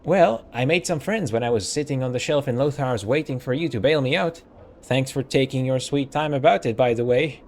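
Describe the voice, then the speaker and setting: A man's voice: medium pitch, brisk, close to an everyday voice. A man reading as a sarcastic talking skull. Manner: sarcastic, grumbling. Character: wisecracking floating male skull companion. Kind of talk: reading game dialogue aloud.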